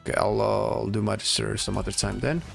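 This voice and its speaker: A streamer casually comments on his gameplay, chatty and laid-back, answering his chat as he plays. His voice is lowish and creaky, with little pitch movement, and he talks fast. Faint game music runs under the voice.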